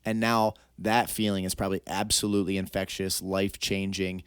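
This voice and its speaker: A man's voice: deep voice, flat delivery, a little fast, fairly bright tone, clean tone, no echo, studio quality. Man hosting a podcast interview. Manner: long reflective questions, emphatic. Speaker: podcast host. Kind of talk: interview questions and reflections. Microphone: podcast mic.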